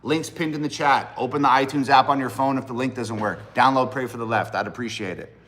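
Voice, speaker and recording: A man's voice: mid-range voice, a little fast, fairly bright tone. A man in his thirties hosting a casual livestream, talking in a blunt, profane and rambling way to his viewers. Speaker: livestream host and rapper.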